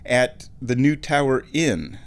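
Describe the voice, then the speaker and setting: Slow, rambling man from Nebraska. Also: medium pitch. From Omaha, Nebraska, USA. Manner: rambling and nostalgic, chuckles often, clears throat. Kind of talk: casual monologue.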